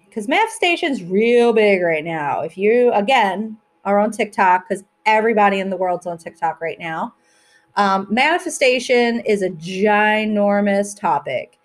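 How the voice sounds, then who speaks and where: A woman hosts her own podcast in a casual solo chat, her mid-range voice expressive and at a normal speed. She talks in a chatty, rambling way, poking fun at herself as she goes.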